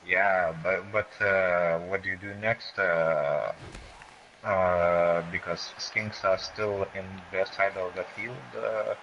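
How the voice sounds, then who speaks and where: Slow, deep-voiced, hesitant male co-commentator. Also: fairly even intonation, fairly bright tone, highs cut off, a little hiss or hum. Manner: hesitant, many fillers. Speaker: game co-commentator. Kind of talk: video game match commentary.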